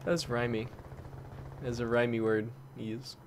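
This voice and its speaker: A man commenting on his own gameplay, excitable, dropping from low mutters to sudden loud yelps and swapping curses for mild words. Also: measured pace. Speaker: gaming commentator. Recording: game gunfire and noise behind the voice.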